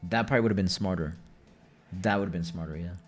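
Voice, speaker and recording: Young male streamer, low-pitched, loose chatty delivery, cursing, light music bed. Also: a little fast. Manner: rambling, swearing, chatty storytelling. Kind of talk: casual gaming commentary.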